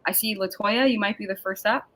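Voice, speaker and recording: A woman hosting a panel discussion over a video call, speaking in an upbeat, emphatic and deliberate way. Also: medium pitch, fairly bright tone, slight background noise, rough recording. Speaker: panel host and moderator. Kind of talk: scripted-sounding webinar introduction.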